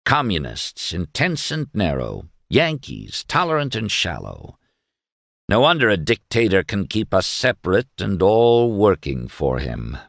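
A man's voice: low-pitched, wildly swooping pitch, measured pace, creaky, a bit bright, no echo, clean studio sound, heavily acted. A man voicing a stubborn older retired newspaper editor who speaks hesitantly and then curtly. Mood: reflective. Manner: hesitant, then curt and defiant.

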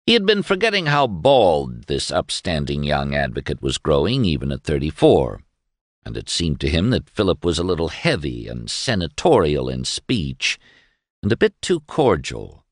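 A man narrating an audiobook in a measured, wry storytelling manner. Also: sits low, huge pitch swings, no echo, studio quality.

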